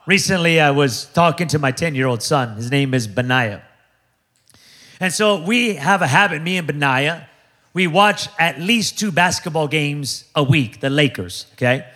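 Pastor guy with a high voice, preaching hard, jokey, keeps going come on somebody. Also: animated, moderate pace, pushed and bright. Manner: punchy, joking, call-and-response preaching with repetition. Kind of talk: energetic sermon.

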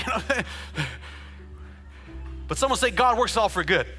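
Male pastor, high voice, very bright tone, casual joking sermon, shouted declarations, faint music behind. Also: lively intonation, unhurried. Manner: conversational preaching with jokes, rising to shouted declarations.

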